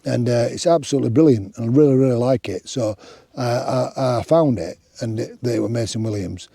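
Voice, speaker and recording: Middle-aged hiker vlogging outdoors, rambling chat, very dark and husky tone, dry close sound. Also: male voice, medium pitch, a little fast, no echo. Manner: rambling and chatty, many restarts and fillers. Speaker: hiking vlogger. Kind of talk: casual outdoor vlog chat. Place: outdoors on open moorland. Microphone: clip-on microphone.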